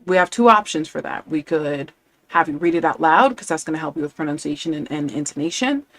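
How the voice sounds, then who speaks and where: A woman's voice: sits low, lively intonation, fairly quick, a bit bright. Chatty, enthusiastic woman language coach. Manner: enthusiastic, chatty, laughs often. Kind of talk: casual live-stream chat.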